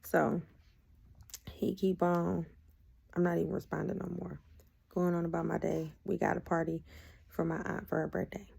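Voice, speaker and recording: A woman's voice: fairly low pitch, normal speed, gravelly, long pauses, slightly rough. A young adult woman, casually retelling a personal story and acting out what was said. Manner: animated retelling, acting out her own quoted lines. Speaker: video host sharing her testimony.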